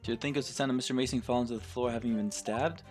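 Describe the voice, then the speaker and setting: A man's voice: mid-range voice, steady tone, very fast, a little mellow, faint music behind, pitched below the performer's own voice, close to an everyday voice. A man voicing an earnest young male defense lawyer, speaking in a hesitant, questioning way.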